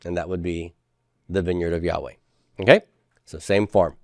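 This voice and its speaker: A man's voice: deep voice, fairly even intonation, moderate pace, dry recording, clean studio sound. A man giving a classroom lecture, asking his students questions and answering them himself. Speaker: professor.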